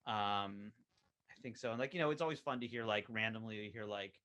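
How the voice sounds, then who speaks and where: A man chatting as a podcast guest about his animated show, rambling with lots of fillers and restarts. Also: lowish voice, brisk. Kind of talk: casual podcast chat.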